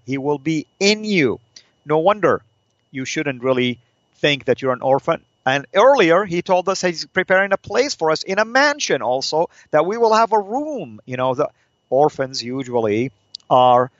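A man hosting a Christian teaching show, explaining Bible passages in an earnest, preacherly way, asking rhetorical questions and slowing down to stress key phrases. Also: mid-range voice, no room sound, muffled recording.

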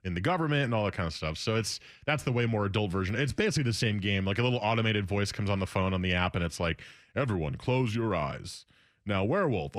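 A man's voice: on the low side, a bit bright, dry recording, clean studio sound. A young man chatting casually as a radio show host, rambling with restarts. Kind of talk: casual chat.

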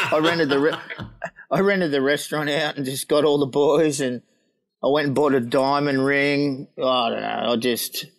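A man's voice: a little high, measured pace, pauses often, rough recording. A middle-aged man, a former pro surfer, telling a rowdy anecdote with laughs and acted-out quotes. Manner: laughing storyteller, acts out quotes.

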